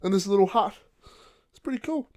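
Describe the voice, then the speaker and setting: A man's voice: high-pitched, expressive, a little fast, darkish tone. A young man with a New Zealand accent, co-hosting a casual podcast and telling a story, swearing and laughing as he goes. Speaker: podcast co-host. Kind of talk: casual chat.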